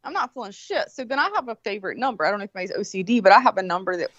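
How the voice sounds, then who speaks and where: Brief: woman, podcast co-host, animated and profane storyteller, dry muffled lo-fi sound. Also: mid-range voice, very fast, dry recording. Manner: profane, animated, acts out quoted voices. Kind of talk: casual storytelling. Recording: slightly muffled, dry lo-fi audio.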